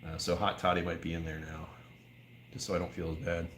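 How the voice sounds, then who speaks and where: A man's voice: low voice, little pitch movement, a little fast, fairly bright tone, a little hiss or hum. An American man hosting a whiskey livestream, chatting casually, joking and reading viewer comments. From United States. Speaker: whiskey channel host. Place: whiskey bar, indoors.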